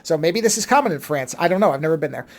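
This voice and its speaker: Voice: medium pitch, lively intonation, racing. Dry, sardonic podcast co-host. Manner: dry, sardonic, wry asides. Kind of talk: casual movie review chat.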